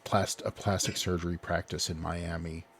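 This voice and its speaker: A deep-voiced man on a podcast, talking through a story with lots of pauses and fillers. His low pitch gives the casual chat a heavy feel. He wanders, restarts and keeps the tone light. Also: flat delivery, creaky, a bit bright, a little hiss or hum. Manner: rambling storyteller, hesitant with many fillers. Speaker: podcast co-host.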